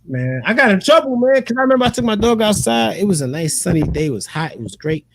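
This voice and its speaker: A man's voice: high voice, very animated, fast talker, vocal fry. A man hosting a casual chat, telling stories animatedly with lots of profane slang and frequent laughter. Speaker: podcast host.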